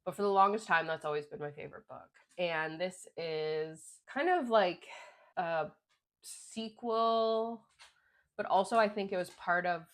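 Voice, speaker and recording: A woman's voice: fairly low pitch, unhurried. Chatty young woman rambling about books. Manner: chatty, rambling with many "like" fillers. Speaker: book vlogger. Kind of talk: casual book review chat.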